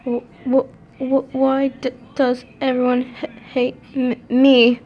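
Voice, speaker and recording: A woman's voice: high-pitched, monotone, takes it slowly, dull audio, a little hiss or hum, voice pushed up. A woman voicing a frightened, sobbing young girl who stutters through her tears. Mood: tearful, stammering.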